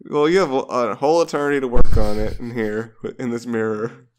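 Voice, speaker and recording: A man co-hosting a podcast in casual chat, deadpan. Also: medium pitch, brisk, slight background noise. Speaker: podcast co-host.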